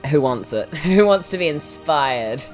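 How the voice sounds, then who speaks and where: A woman's voice: low voice, animated, unhurried, music in the background. A woman with a New Zealand accent playing in a tabletop game, joking and laughing often. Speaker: player.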